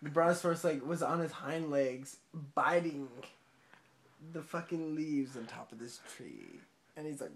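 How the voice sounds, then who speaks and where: A man's voice: fairly high pitch, sing-song, normal speed, slight background noise. A drunk young man retelling a film in a rambling, swearing way, often laughing and tripping over his words.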